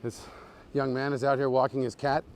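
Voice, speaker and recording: A man giving a joking live-streamed walking tour outdoors at night, reeling off absurd fake facts in a deadpan way and greeting viewers as he strolls, recorded on a handheld phone. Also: mid-range voice, a little fast. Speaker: comedy tour guide.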